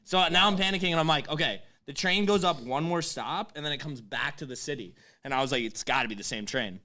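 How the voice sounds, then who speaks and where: A man in his twenties telling a story in casual chat, animated, swearing and laughing as he goes. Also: a little high, fast. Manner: animated, swears often, laughs mid-sentence.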